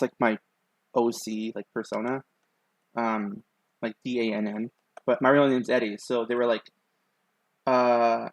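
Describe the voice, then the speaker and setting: A man's voice: medium pitch, gravelly, no room sound, rough recording. A young man streaming while he draws, telling a long story in a loose, rambling way with lots of fillers. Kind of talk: casual chat while drawing.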